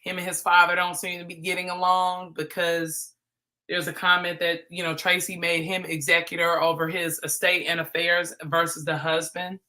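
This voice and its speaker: A woman hosts a live stream with a bright, forceful voice. Her talk is chatty and teasing, casual commentary aimed straight at her viewers. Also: fairly low pitch, little pitch movement, normal speed. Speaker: livestream host.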